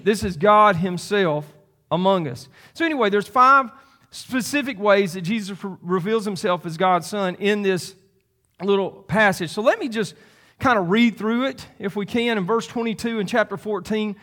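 A man's voice: high voice, normal speed, a bit bright. A man preaching a sermon as pastor, conversational and rambling, with many restarts and asides.

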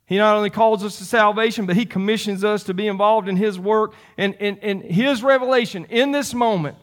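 High-voiced pastor in his fifties. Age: 50s. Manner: emphatic, repeats phrases for stress. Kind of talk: sermon.

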